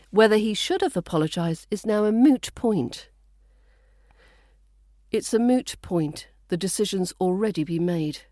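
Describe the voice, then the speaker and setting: Crisp, slow British RP woman. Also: medium pitch, mellow, dry recording, studio quality. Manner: crisp, precise, dryly playful. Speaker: accent coach. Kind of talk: scripted pronunciation lesson.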